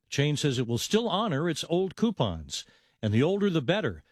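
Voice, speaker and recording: A male news anchor reading a radio newscast in a crisp, measured delivery. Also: a little high, huge pitch swings, no room sound, studio quality.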